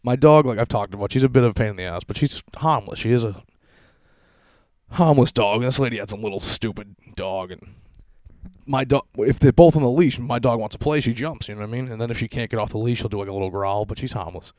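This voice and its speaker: Talking fast in a medium-pitched, slightly mellow voice, this podcast host in his thirties rambles alone through profane, self-deprecating stories. He records from his home basement, and there's no room sound.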